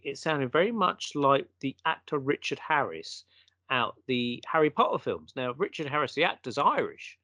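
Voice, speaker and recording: A man's voice: fairly high pitch, pushed and bright, no room sound. A man, a guest telling a story in a casual conversation and acting out the quotes.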